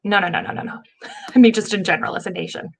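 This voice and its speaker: A woman co-hosting a casual live stream over a video call, asking quick questions and joking. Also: mid-range voice, creaky. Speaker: co-host.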